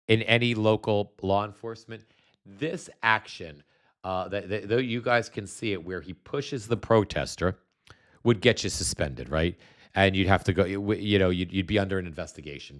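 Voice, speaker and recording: A man's voice: lowish voice, a bit bright. A man hosting a live stream, talking bluntly and scornfully, with many restarts as he explains things at his computer. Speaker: show host.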